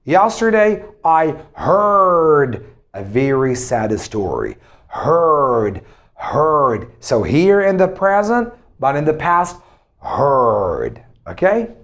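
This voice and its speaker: Male English teacher, slow and repetitive pronunciation drills. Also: a little high, sing-song, a bit bright. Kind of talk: pronunciation lesson.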